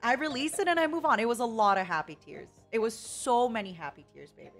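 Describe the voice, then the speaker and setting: A woman's voice: fairly high pitch, expressive, fast, fairly bright tone. A young woman streaming a casual chat, dramatic and emotional, laughing often, with faint music behind.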